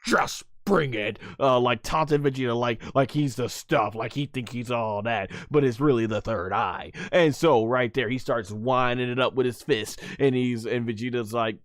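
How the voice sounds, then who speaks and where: A man giving an excitable, rambling play-by-play recap of an anime episode, punctuating the action with sound effects. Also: mid-range voice, normal speed, hardly any pauses, no room sound, studio quality. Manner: loose and rambling, with many restarts and fillers.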